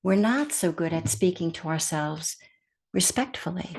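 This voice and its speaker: A woman giving a meditation talk as a teacher, speaking gently and softly and sometimes dropping to a whisper. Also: lowish voice, lively intonation, a little slow. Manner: gentle and soft-spoken, with hushed whispered phrases.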